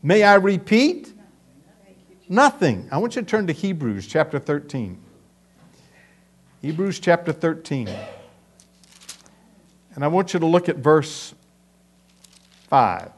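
A man preaching a sermon to a congregation, emphatic and building to loud peaks as he reads scripture and asks the audience questions. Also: a little high, very animated, takes it slowly, pauses often. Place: before a live congregation.

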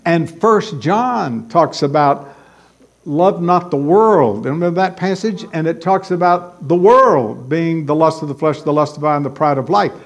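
A man's voice: a little high, moderate pace. A man preaching a sermon, emphatic and repeating key words for stress.

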